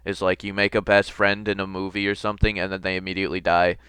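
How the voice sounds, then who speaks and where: A man's voice: low voice, flat delivery, quick pace, a bit bright, clear, resonant tone, no room sound. A young man playing through a game on video, reading its text aloud with jokey asides. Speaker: gamer. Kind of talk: let's play commentary and text reading.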